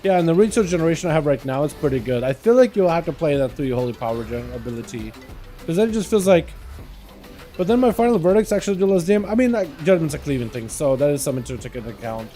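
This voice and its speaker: A man's voice: a little high, sing-song, quick pace, dark tone, faint music behind. A man hosting a livestream, talking casually through his gameplay and greeting viewers by name. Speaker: livestream host. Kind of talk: casual live gameplay commentary.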